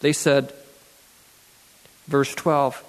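A man's voice: mid-range voice, flat delivery, drawn-out words, in a large hall. A man preaching a sermon who reads scripture aloud and then repeats key phrases for emphasis.

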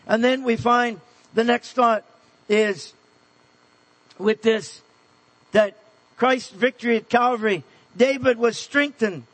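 A man with a very high, husky voice preaches an earnest sermon. He presses his points with rising emphasis, then sinks to a soft hush for tender moments. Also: slow pace, pauses often, rough recording.

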